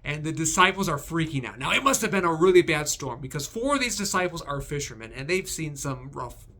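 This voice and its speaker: A man hosting a devotional video, recapping Bible passages with animated, emphatic storytelling. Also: a little high, a little fast.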